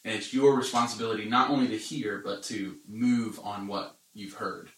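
A man talking through a Bible passage in casual conversation, earnest and halting, with many fillers. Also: fairly low pitch, steady tone, distant mic, slight background noise. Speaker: Bible study co-host. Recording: echoey room, away from the mic.

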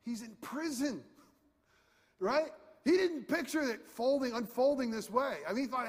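Male pastor, high-pitched, conversational sermon delivery, long reverb of a large room. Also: unhurried, breathy edge. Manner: animated, conversational, swings from quiet to shouting.

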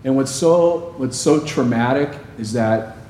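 With a warm tone, medium pitch and slightly slow delivery, a male pastor preaches conversationally and asks his listeners question after question. The echoey recording carries faint ambience and a little hiss or hum.

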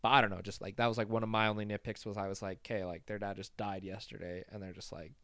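A man's voice: fairly low pitch, level tone, fast, a bit bright, no echo, clean studio sound. A man hosting a film podcast in casual chat, hesitant and full of fillers, asking his co-hosts questions. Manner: hesitant, filler-heavy, asks the others questions.

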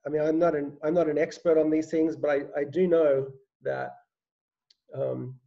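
A man, a pastor, interviewing a church member in a gentle, searching way with many conversational fillers. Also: on the high side, little pitch movement, normal speed, gravelly, highs cut off.

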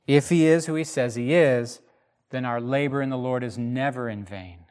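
A man teaching the Bible in a casual podcast chat, animated and emphatic, with frequent restarts. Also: mid-range voice, moderate pace, clear, resonant tone.

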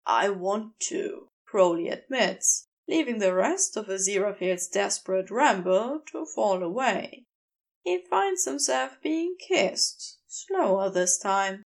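A woman reading a fan fiction story aloud as an audiobook narrator, in a slow, intimate way. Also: mid-range voice, very animated, creaky. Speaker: podfic reader.

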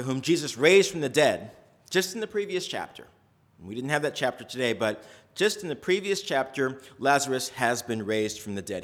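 A man preaching a sermon, retelling a story conversationally with lively swings in pitch. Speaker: pastor.

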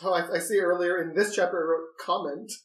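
A young man with a high voice asks stammering questions while co-writing a story. He checks details and laughs easily. The mic sits far off in a roomy space. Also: steady tone, quick pace. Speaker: story co-writer. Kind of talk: casual brainstorming chat.

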